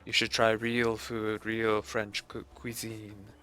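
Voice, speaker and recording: A man's voice: fairly low pitch, completely flat delivery, takes it slowly, sharp tone, faint music behind. A man voicing a scornful, snooty French chef in a mock-haughty tone while retelling a movie scene.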